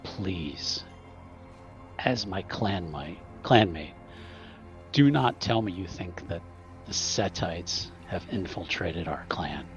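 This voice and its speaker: A man's voice: low-pitched, expressive, slow, faint music behind. A man voicing a proud male vampire noble in a tabletop game, speaking in an earnest, formal way. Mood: pleading. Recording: dull lo-fi recording.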